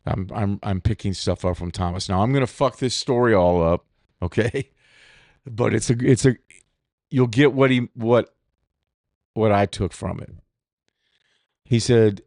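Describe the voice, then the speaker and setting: A man's voice: fairly low pitch, a little slow, long pauses, a little mellow, no echo, clean studio sound. A man hosting a solo podcast, talking in a candid, profane, rambling way with restarts. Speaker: podcast host. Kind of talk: solo reflective podcast monologue.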